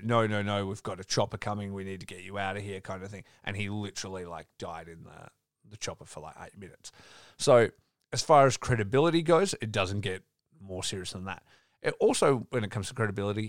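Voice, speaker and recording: A man talks casually on a podcast, rambling through a story with plenty of fillers and restarts. His voice sits fairly low, and the recording is dry and close. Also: no echo. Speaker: podcast host. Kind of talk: casual chat.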